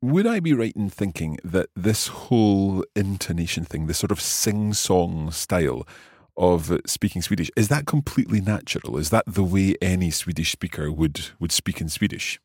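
A man with a very low, deep voice hosts a language lesson, asking curious questions and trying out each new phrase slowly. He chuckles often as he goes, and the recording is close and dry. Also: expressive, darkish tone, breathy edge, no room sound. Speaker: podcast host and learner.

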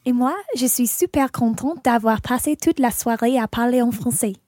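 A woman playing a young woman in a scripted dialogue for a language lesson, speaking clearly. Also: on the high side, a little fast, mellow, no echo, clean studio sound, close to an everyday voice. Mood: pleased. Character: young woman chatting in French. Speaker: dialogue actor.

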